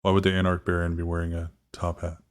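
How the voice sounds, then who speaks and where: Deep-voiced male game master. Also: monotone, quick pace, smooth, no room sound, studio quality. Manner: rambling, restarts, voices characters in quotes. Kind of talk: narrating a live tabletop game.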